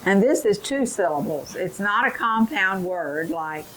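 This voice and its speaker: A middle-aged woman giving a teacher training lesson, explaining in a slow, careful way and modelling rhyming drills for children. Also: medium pitch, expressive, crowd noise, poor audio.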